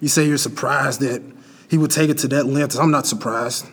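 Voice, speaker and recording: A man's voice: medium pitch, fairly even intonation, brisk. A man, a wrestler, answering in a defiant interview and vowing revenge, in a bar and grill. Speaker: wrestler guest.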